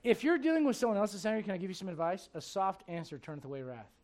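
A man's voice: high-pitched, big pitch swings, racing, darkish tone. A male preacher delivering a rousing sermon to a congregation, often putting questions to them. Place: church before a congregation.

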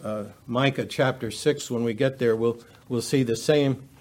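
A man preaching a verse-by-verse Bible lesson, talking in a halting way with many fillers and restarts. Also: mid-range voice, fairly even intonation, darkish tone. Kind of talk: expository Bible teaching.

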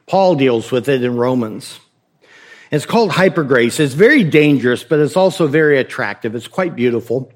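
A man's voice: mid-range voice, animated, moderate pace. A male pastor preaching a sermon in a conversational way, with rhetorical questions and light humor.

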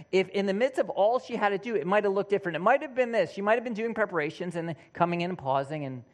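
Male preacher, casual animated sermon, slightly higher voice. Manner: conversational, animated, acts out quoted voices.

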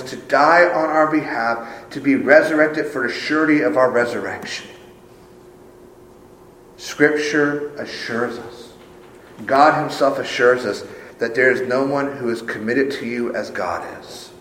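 A male pastor delivers a sermon in a church sanctuary, his voice ringing through the room. He drops to hushed, low phrases and then rises to emphatic declarations. A faint hum of ambience sits behind him. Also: reverberant, low-quality recording.

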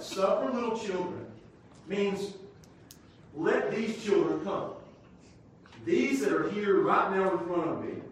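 A male pastor preaching a sermon, emphatic, rising to shouts and dropping to quiet teaching. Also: high voice, slight background noise. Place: church sanctuary. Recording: echoey church hall from far off.

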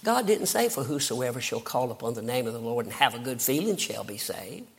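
With big pitch swings and a fairly quick pace, an older evangelist from the American South preaches a fervent sermon on his conversion, building to emphatic outbursts. His mid-range voice is gravelly and husky.

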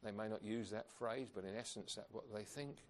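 A man's voice: fairly low pitch, moderate pace. A man preaching a sermon, earnest and emphatic, asking rhetorical questions of his congregation.

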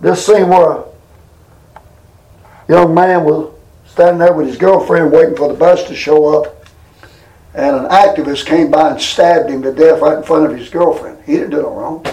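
An older man preaching a folksy sermon, talking plainly and drawing out scripture slowly for emphasis. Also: on the high side, dark tone, reverberant, rough recording.

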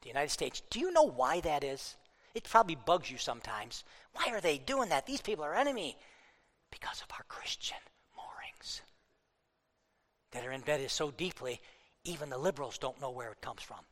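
A man preaches from the pulpit with a high, strained voice, fired up and worked up. He lurches from loud, pushing outbursts to low, muttered asides. His words ring out with a long reverb in a large hall. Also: sing-song, a little fast. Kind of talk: political sermon.

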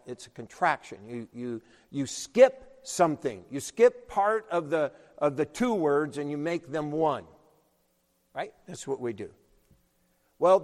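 A man preaching a sermon, explaining patiently and rising loud when he quotes scripture. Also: a little high. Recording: long hall reverb.

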